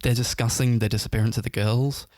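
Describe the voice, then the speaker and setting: A man's voice: mid-range voice, steady tone, fast, darkish tone, no room sound, clean studio sound. A man co-hosting a casual film review podcast, retelling scenes in a rambling way full of fillers and laughing as he goes. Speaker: podcast co-host.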